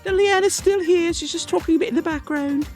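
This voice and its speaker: Give me a man playing a prim British woman psychologist with a very high voice, in a playful podcast bit. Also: brisk, darkish tone, soft background music. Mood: mock-prim. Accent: put-on British. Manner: playful, mock-formal impression. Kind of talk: casual podcast banter.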